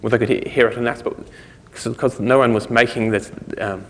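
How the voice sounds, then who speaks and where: A man with a New Zealand accent gives a loose conference talk on speech recognition, correcting himself as he goes and chuckling now and then. His mid-range voice is steady in tone and brisk in pace. The recording carries a long hall reverb.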